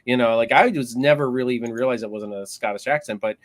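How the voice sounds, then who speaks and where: A man's voice: medium pitch, fast talker, no room sound. A middle-aged man from the United States chatting easily as co-host of a live panel. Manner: chatty, easygoing. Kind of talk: casual live panel chat.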